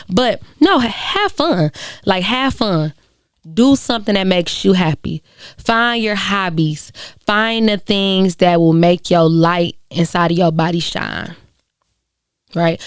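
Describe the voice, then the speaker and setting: A woman's voice: fairly low pitch, smooth, no echo, studio quality. A young adult woman hosting her solo podcast, talking in an earnest, encouraging way with frequent fillers. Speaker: podcast host. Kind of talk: reflective solo podcast talk.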